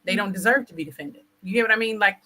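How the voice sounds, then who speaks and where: A woman interviewer talking in a casual conversation, blunt and assertive, making her points deliberately. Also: mid-range voice, pushed and bright, poor audio.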